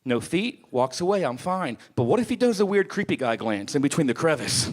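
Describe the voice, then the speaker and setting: A man's voice: a little high, fairly quick. A man doing a stand-up comedy set on a club stage, telling crude stories with lots of swearing. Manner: profane, animated storytelling.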